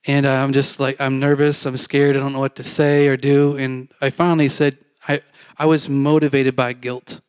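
A man's voice: medium pitch, little pitch movement, normal speed, clean tone, no echo. A man telling a personal faith story to a congregation in a candid, self-mocking way, acting out the dialogue as he goes. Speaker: preacher giving testimony.

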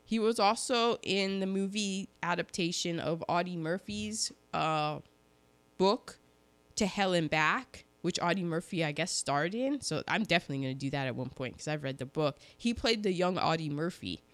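A woman's voice: fairly low pitch, no room sound. Chatty woman reciting film trivia, dry sound. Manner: chatty, reads out cast trivia with quick asides. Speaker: podcast co-host presenting film facts. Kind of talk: casual chat about an old film.

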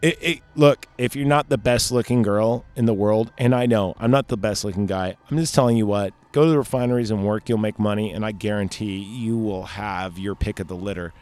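A man's voice: fairly low pitch, fairly quick, few pauses, darkish tone. A man casually recapping a movie, rambling and joking, with lots of fillers and swearing. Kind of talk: casual chat.

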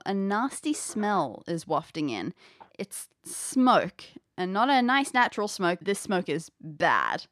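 A woman's voice: medium pitch, no room sound, clean studio sound. A woman narrating an audio adventure game as game master, describing scenes playfully with chatty asides.

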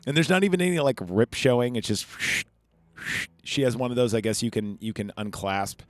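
A man's voice: medium pitch, fast talker, dry recording. A man hosting a podcast, recapping a film in a rambling, chatty way full of fillers and asides. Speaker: podcast host reviewing a film. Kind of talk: casual chat. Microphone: podcast microphone.

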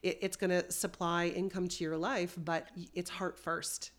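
A woman's voice: lowish voice, flat delivery, normal speed. A woman hosting a podcast, speaking in an encouraging, heartfelt and earnest way. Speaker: podcast host. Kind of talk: interview conversation.

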